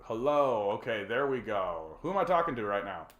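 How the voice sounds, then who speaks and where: A very animated Canadian man hosts a call-in livestream in a low-leaning, fairly bright voice at normal speed, recorded with a roomy sound. His talk is rambling and jokey, heavy on swearing, fillers and restarts.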